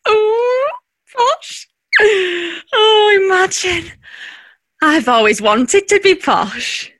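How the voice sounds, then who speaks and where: Sarky manc wife, high and swoopy, takes her time. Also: lively intonation, a bit bright, exaggerated voice. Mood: wistful. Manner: dry, sarcastic, drawn-out. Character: sharp-tongued, sarcastic working-class wife and mum. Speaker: wife and mother. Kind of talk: audio drama acting.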